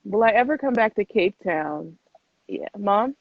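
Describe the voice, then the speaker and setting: A young adult woman hosting a casual live Q&A, chatting quickly and laughing often as she answers viewer questions. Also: medium pitch, lively intonation, no room sound. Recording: tinny phone-like live stream, dry.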